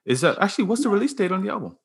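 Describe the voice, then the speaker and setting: A man interviewing a guest in a casual, slangy way, asking quick questions. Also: sits high, sing-song, breathy edge.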